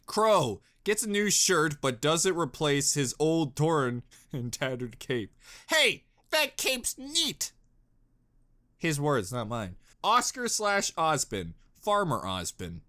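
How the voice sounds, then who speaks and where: A man hosting a reaction video, chatting casually and goofily, jumping between low mutters and excited yells. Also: takes it slowly, few pauses. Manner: goofy, exclamatory, jumps between mutters and yells.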